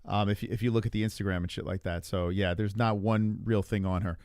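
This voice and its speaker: A man's voice: on the low side, fairly even intonation, fairly quick, a little mellow, no echo. A man hosting a livestream, chatting casually and profanely as he reacts to clips. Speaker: stream host.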